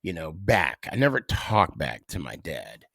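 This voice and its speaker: A middle-aged man hosting a casual solo podcast, telling stories with dramatic pauses. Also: low-pitched, creaky, husky, no echo, clean studio sound. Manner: animated storyteller with dramatic pauses. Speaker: podcast host.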